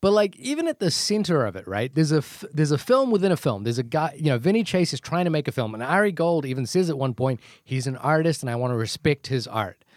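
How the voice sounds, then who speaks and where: A man's voice: a little high, big pitch swings, fast talker, hardly any pauses, no room sound, clean studio sound. A man with a New Zealand accent co-hosting a casual movie podcast, laughing often and talking in restarts. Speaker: podcast co-host.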